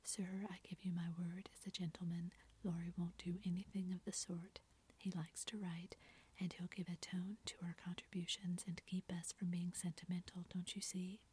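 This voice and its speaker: A woman whispering an eager girl who plays a gentleman at a club meeting, as whispered role-play. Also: lowish voice, level tone, moderate pace. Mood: earnest. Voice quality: breathy whisper.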